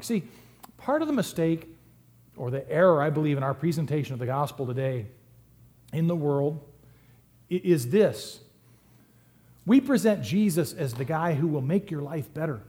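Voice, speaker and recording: A man delivers a sermon in a church with a somewhat high voice. He talks in a conversational, humorous way and lets his volume rise and fall sharply for emphasis. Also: moderate pace. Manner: humorous, conversational, lively swings in loudness. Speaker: pastor.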